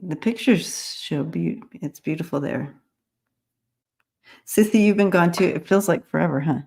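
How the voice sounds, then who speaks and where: A woman's voice: on the low side, measured pace, creaky, a little mellow. A woman hosting a live stream, greeting viewers by name and talking casually with many fillers and restarts. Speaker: host of a live-stream psychic reading show.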